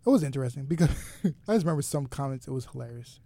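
Male co-host with a gravelly, mid-pitched voice, halting and chatty, dry close mic. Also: expressive, warm tone, dry recording. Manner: hesitant, many fillers and restarts, laughs while telling stories. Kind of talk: casual chat.

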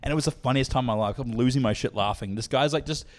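A young Australian man casually telling a profane, animated story as a podcast co-host, acting out the voices of the people in it. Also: mid-range voice, fast talker.

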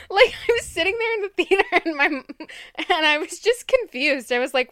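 Animated young woman, high lively voice. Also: takes it slowly, no echo, studio quality. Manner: rambling, animated, full of "like" and laughter. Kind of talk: casual podcast chat.

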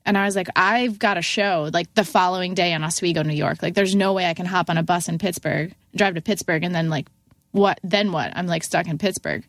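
A woman's voice: lowish voice, a little fast, no echo, clean studio sound. A young woman, a musician guest on a podcast, telling a story casually and acting out what people said in a raised voice. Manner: animated, acts out quotes in a raised voice, many fillers of "like".

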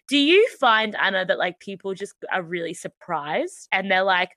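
A woman's voice: medium pitch, moderate pace, few pauses, no room sound. An Australian woman co-hosting a podcast, chatting casually and acting out little dialogues. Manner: animated, acts out little dialogues. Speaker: podcast co-host. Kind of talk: casual chat.

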